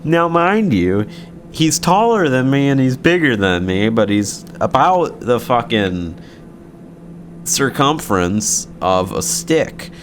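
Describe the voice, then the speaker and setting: A young man tells a story in a sarcastic, loose way, often breaking into laughter and swearing without a second thought. His voice sits at an ordinary pitch for a man. A faint hiss of noise runs under it. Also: sing-song, takes it slowly. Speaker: streamer telling a story. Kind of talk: casual storytelling.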